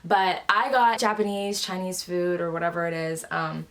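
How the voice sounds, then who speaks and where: A woman YouTuber chatting excitedly in a casual vlog while eating on her bed at home. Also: on the low side, moderate pace.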